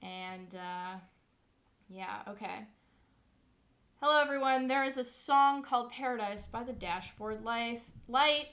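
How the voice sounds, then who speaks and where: A young woman streamer chatting casually, telling stories in an animated, sarcastic way full of swearing. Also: fairly high pitch, slow pace. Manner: profane, animated storytelling. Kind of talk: casual livestream chat.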